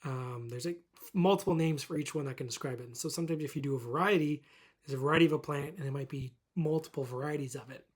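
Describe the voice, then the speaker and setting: A man's voice: fairly high pitch, fast talker, slightly rough. A young man from Calgary ranting casually to camera as a vlogger, swearing a lot, laughing often and rambling. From Calgary, Canada.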